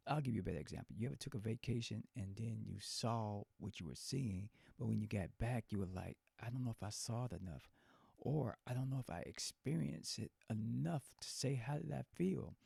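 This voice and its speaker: A man's voice: medium pitch, gravelly, warm tone, slightly rough, no echo. A man hosting a solo podcast, giving a casual motivational talk and often checking in with "right?". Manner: conversational, repeats "right?" often. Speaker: podcast host.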